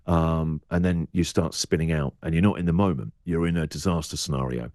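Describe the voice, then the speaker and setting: A man's voice: very deep voice, brisk, darkish tone, no echo, clean studio sound. A middle-aged English radio presenter speaking candidly as a podcast guest, acting out his inner voice in quoted asides.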